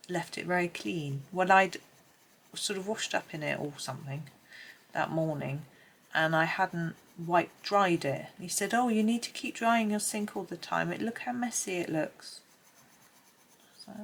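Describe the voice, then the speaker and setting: A middle-aged Englishwoman with a Gloucestershire accent and a low, slightly bright voice rambles cheerfully while leading a colouring tutorial, amusing herself and thinking aloud as she colours. Her camera mic on a tripod picks up a little hiss or hum.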